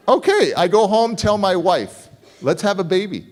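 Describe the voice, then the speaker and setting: A man in middle age tells a story from a conference stage. His voice is fairly high and swings widely as he acts out the people he quotes. He speaks as a motivational speaker addressing an audience. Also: expressive, normal speed. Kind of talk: keynote storytelling speech. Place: conference hall.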